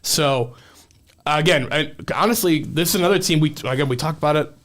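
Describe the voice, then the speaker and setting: A man's voice: a little high, fairly quick, a bit bright. A man co-hosting a local sports show, talking enthusiastically in a rambling way, full of fillers and restarts. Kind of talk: casual sports talk.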